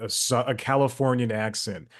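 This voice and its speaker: A man's voice: mid-range voice, steady tone, normal speed. A man hosting a podcast, interviewing a guest and laughing often between friendly questions. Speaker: podcast host.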